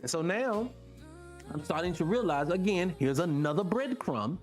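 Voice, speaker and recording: Animated middle-aged male radio host. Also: normal speed, faint music behind. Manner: animated, rhetorical questions, pitch jumps when excited. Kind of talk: casual monologue to listeners.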